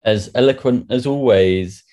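A man's voice: mid-range voice, unhurried, mellow. A man hosting a comic game show with dry, wry remarks. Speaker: quiz host.

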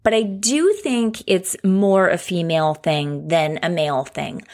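A woman's voice: lowish voice, unhurried, a little mellow. A woman hosting her own podcast, talking frankly and candidly in a conversational solo monologue. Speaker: podcast host.

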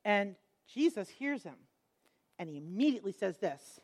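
A woman's voice: mid-range voice, normal speed. A middle-aged woman teaching a Bible lesson, telling the stories expressively and acting out the quotes. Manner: expressive storytelling, acts out quotes.

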